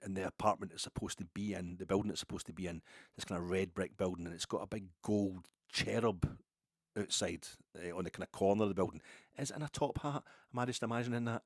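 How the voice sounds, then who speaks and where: A man's voice: on the low side, dry recording, clean studio sound. A man from Ayrshire with a Scottish accent, telling a rambling, digressive story in a casual monologue. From Ayrshire, Scotland. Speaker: football podcaster.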